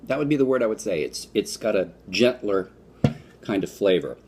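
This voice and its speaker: Man, low voice, casual food review vlog, hesitant, fillers, faint background noise. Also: big pitch swings, normal speed. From United States. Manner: rambling, hesitant with fillers and restarts. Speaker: vlogger.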